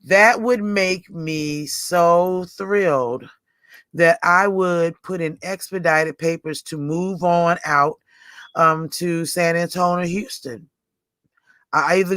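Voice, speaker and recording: A woman's voice: on the low side, a bit bright, no room sound, clean studio sound. A woman in her forties hosting a livestream in rambling, casual chat, often laughing. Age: 40s. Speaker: livestream host.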